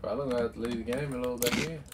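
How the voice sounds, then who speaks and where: A man's voice: mid-range voice, steady tone, rapid-fire. A man co-hosting a home gaming video, giving offhand, mumbled advice. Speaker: gaming channel co-host. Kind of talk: casual gameplay commentary. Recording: keyboard clicks and typing noise.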